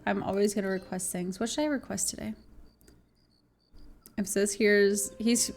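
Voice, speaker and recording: A chatty woman streamer talks through her game to her viewers, giggling often and swearing now and then. Her voice sits in a middle pitch, with faint music playing behind her. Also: moderate pace, pauses often. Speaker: live streamer. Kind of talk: casual chat while gaming on stream.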